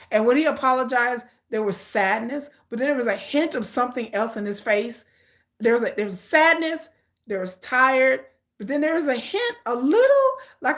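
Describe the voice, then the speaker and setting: In casual livestream commentary, a woman with a medium-pitched, slightly bright voice speaks emphatically and repetitively, referring to her viewers as "y'all."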